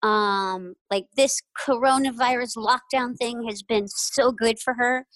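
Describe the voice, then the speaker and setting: A woman's voice: fairly high pitch, steady tone, measured pace, a bit bright, no echo, low-quality recording. A woman in an interview, telling stories in a chatty, casual way, with lots of "like" and "you know" and frequent laughter. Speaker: interview guest. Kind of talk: casual storytelling.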